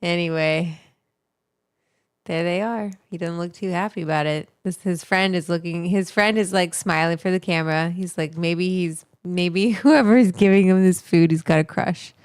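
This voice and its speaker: A woman's voice: on the low side, normal speed, a little mellow, smooth, no room sound, clean studio sound. A woman hosting a livestream, reacting to clips in loose, giggly casual chat and swearing freely. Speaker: livestream host. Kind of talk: casual live reaction commentary.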